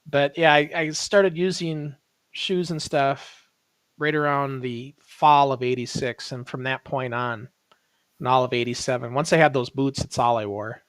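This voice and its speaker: A man's voice: mid-range voice, measured pace, clean tone, no room sound. A man who once wrestled, hosting a casual chat and reminiscing about old shows. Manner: reminiscing, relaxed. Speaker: host, former wrestler.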